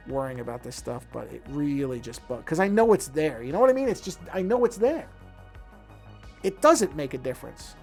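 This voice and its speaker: Gravelly man chatting while drawing. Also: a little high, darkish tone. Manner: musing, self-critical, restarts sentences. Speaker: streamer. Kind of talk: casual talk while drawing.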